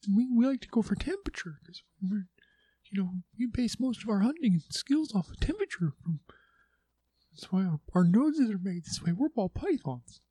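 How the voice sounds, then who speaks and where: A man voicing his pet ball python as a whiny, rude snake in a high voice, on a casual podcast. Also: expressive, normal speed, dark tone, breathy edge, dry recording.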